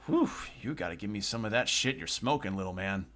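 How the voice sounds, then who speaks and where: A man's voice: fairly low pitch, lively intonation, brisk, fairly bright tone, voice pushed down. A man voicing a laid-back young male mechanic in a video game, drawling in casual slang and calling the listener little man. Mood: easygoing.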